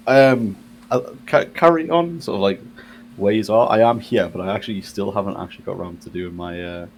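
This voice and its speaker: A man playing in a tabletop game session, talking slowly and hesitantly with a wry tone. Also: fairly low pitch. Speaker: player. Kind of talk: casual chat in a game session.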